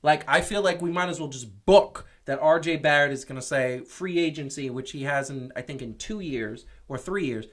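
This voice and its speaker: A man co-hosting a casual sports talk show, animated and opinionated, often restarting his sentences. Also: a little high, moderate pace, hardly any pauses. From New York. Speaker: podcast co-host. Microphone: streamed show mic.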